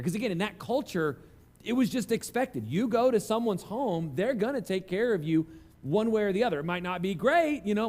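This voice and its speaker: A man's voice: high-pitched, a little mellow. A man preaching a conversational sermon, telling self-deprecating stories. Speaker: pastor.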